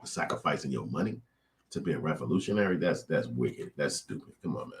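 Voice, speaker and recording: A man delivers a blunt, profane, preachy monologue to his viewers. His voice sits extremely low. A faint hum of noise runs under the recording. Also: expressive, fairly quick. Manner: blunt, profane, preachy ranting with acted-out quotes. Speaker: show host. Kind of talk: casual opinion monologue to viewers.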